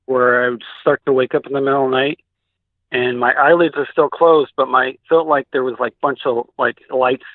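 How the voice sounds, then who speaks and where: A man's voice: mid-range voice, fairly even intonation, normal speed, dry recording. Man, Pacific Northwest accent, rambling storyteller, tinny phone line. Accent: Pacific Northwest American. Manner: rambling, many likes and restarts. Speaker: guest recounting a sighting. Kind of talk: casual interview storytelling.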